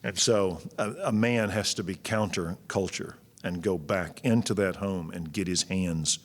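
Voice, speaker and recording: A man's voice: low-pitched, unhurried. A man, preaching a sermon in a folksy, blunt and joking way. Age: 60s. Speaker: pastor. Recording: long church-hall reverb.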